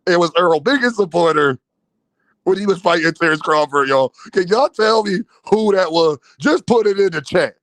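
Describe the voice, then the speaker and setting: A man's voice: high voice, lively intonation, normal speed, fairly bright tone, dry recording. A man hosting a boxing live stream in casual, slangy talk, laughing often, mocking, and talking to his chat. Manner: laughs a lot, mocking, repeats a running catchphrase.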